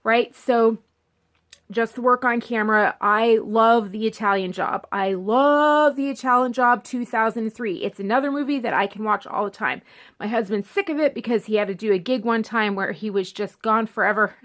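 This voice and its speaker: A movie vlogger in her thirties chats about her favorite films in a fairly high, slightly bright voice at a moderate pace. She rambles and frequently breaks off mid-sentence to begin again.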